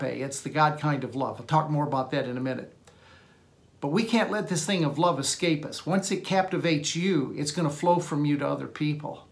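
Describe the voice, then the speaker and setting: A man preaching a Sunday sermon, reading scripture aloud and explaining it with earnest emphasis. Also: a little high. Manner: earnest preaching, reads scripture aloud, repeats words when restarting. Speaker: pastor.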